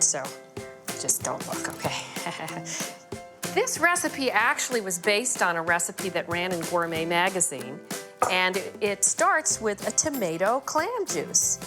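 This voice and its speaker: A woman's voice: mid-range voice, big pitch swings, normal speed, music in the background. A woman TV chef hosting a cooking show, explaining each step in a chatty, enthusiastic way from a studio kitchen on a lapel mic. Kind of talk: cooking demonstration.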